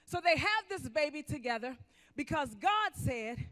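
High, bright-voiced preacher man. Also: very animated, unhurried. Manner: emphatic preaching, swinging between loud calls and quiet asides. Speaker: pastor. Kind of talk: sermon.

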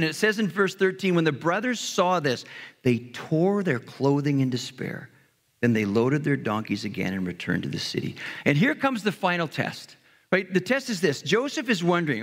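A pastor preaching a sermon in a conversational way, retelling a story and briefly acting out its characters. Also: male voice, a little high, lively intonation, a little fast, fairly bright tone. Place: church hall. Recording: long hall reverb.

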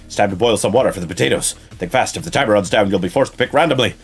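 A man streaming a game, reading the story aloud in an animated, playful way. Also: on the low side, very fast, husky, soft background music.

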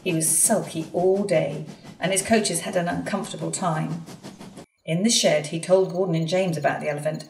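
A woman narrating a children's storybook in an expressive, animated reading. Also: lowish voice, normal speed, vocal fry. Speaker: storybook reader. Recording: echoey room, far from mic, faint hiss.

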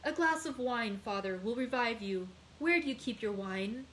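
A woman reading aloud, voicing an earnest, devoted young male sailor with lively emphasis. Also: fairly high pitch, normal speed, slight background noise, natural voice, low-quality recording. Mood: anxious.

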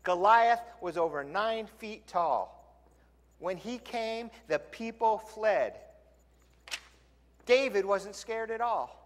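A male pastor preaching a sermon in a lively, conversational storytelling way, in a church sanctuary. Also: sits high, takes it slowly, long pauses. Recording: long church hall reverb.

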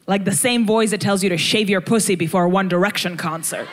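A young adult woman performing stand-up comedy, telling a story in an animated, crude, self-mocking way on a live stage. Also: medium pitch, fairly quick, few pauses.

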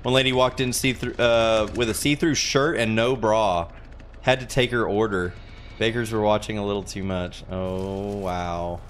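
A man's voice: on the low side, steady tone, moderate pace, slight background noise. A man streaming a game and chatting casually, rambling and laughing at himself as he plays. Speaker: gaming streamer. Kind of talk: casual gameplay commentary.

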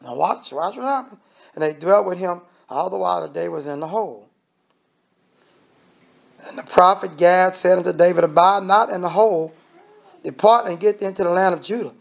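A man's voice: high voice, moderate pace, gravelly, long pauses. A man preaching a sermon in a conversational, emphatic way, repeating phrases and adding asides to the congregation.

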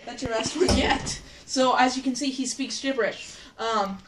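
In this casual video, a woman host with a fairly high pitch speaks at normal speed, giggling and chatting as she gives out challenges and scores them. The recording is roomy, with a distant mic and background noise.

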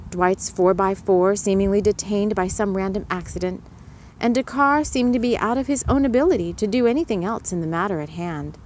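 Gentle female storyteller for ASMR, slow, speaks to the listener. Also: mid-range voice, slight background noise, poor audio.

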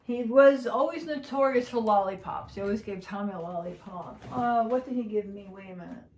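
A woman from New Jersey with a Jersey accent, telling stories in a casual, animated vlog and acting out both sides of conversations. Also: medium pitch, brisk, reverberant, slight background noise. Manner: animated, swears, acts out quoted exchanges. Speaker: vlogger. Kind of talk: casual chatty storytelling.

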